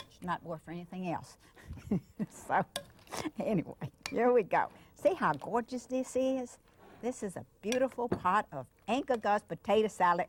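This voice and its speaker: A woman's voice: mid-range voice, a little hiss or hum. An older woman with a Cajun accent hosting a cooking show. She chats affectionately with a child beside her as she demonstrates a dish. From Louisiana. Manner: chatty and affectionate, talks to the child while cooking.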